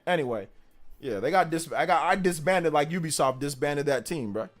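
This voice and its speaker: Slangy, animated male streamer. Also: fairly high pitch, a little fast, faint music behind. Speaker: streamer host. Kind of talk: casual livestream chat.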